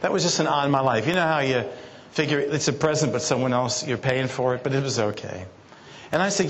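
A man tells a life story from the stage in a playful, teasing way. His voice sits at an everyday middle pitch. A faint hum of the conference room hangs behind him. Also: fairly quick. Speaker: keynote speaker. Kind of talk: storytelling keynote talk. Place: conference hall.

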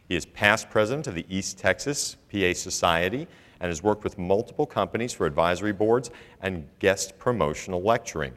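A man acting as moderator, steadily reading a formal introduction of the next speaker at a conference. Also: low-pitched. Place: large conference hall. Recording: hall reverb.

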